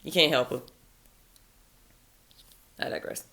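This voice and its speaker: A woman's voice: slow pace, sharp tone. A woman giving dating advice in a blunt, profane, sardonic monologue. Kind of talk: casual opinionated monologue.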